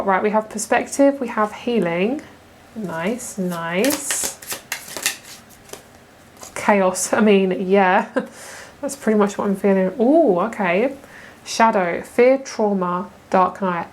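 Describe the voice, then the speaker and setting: A woman's voice: mid-range voice, darkish tone, slight background noise. A young woman giving a casual tarot pick-a-card reading, chatty and gushing, often laughing. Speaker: tarot reader.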